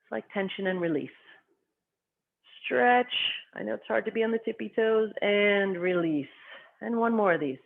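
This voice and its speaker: A qigong instructor guiding a class through movement and breathing, giving calm, short cues timed to the breath. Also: mid-range voice, normal speed, vocal fry. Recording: tinny phone-like sound.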